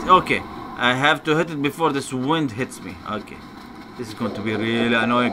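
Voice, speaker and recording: A man's voice: mid-range voice, moderate pace, noisy background. A man commentating a video game playthrough, given to frustrated outbursts and swearing. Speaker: gamer. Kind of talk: let's play commentary.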